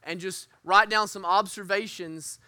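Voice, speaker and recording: A man's voice: high voice, steady tone, measured pace, sharp tone, clear, resonant tone, no room sound, clean studio sound. A man teaching a church group as their pastor, earnest and candid, often restarting his sentences. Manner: earnest, candid, self-deprecating with frequent restarts.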